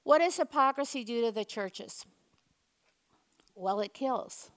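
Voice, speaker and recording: A woman's voice: on the high side, animated, measured pace. Woman preacher with a slightly raised voice, chatty and playful. Leads the room in call-and-response. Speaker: church speaker. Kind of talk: lively sermon with audience call-and-response.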